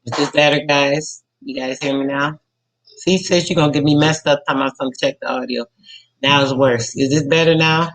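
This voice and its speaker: A man's voice: on the high side, steady tone, a little fast, fairly bright tone, poor audio. Talkative man hosting a live stream. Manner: loose, talkative, fillers and self-corrections. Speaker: radio show host. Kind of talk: casual live-stream talk.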